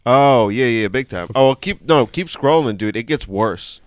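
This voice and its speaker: A man's voice: mid-range voice, expressive, normal speed, smooth, no echo. Brash, profane podcast guy. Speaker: podcast co-host. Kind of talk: casual chat.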